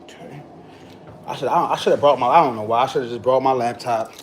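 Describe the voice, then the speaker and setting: A man's voice: mid-range voice, fast, slight background noise. A man from the United States hosting a casual livestream, loose and joking with his viewers, a little tired. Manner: loose and joking, slangy, answers chat comments. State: tired, yawning. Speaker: livestream host. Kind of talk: casual live-stream chat with viewers.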